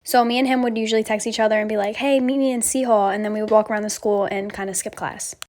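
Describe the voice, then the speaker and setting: A woman's voice: medium pitch, flat delivery, quick pace, darkish tone. A young woman casually telling a personal story, frank and chatty, with lots of fillers and swearing.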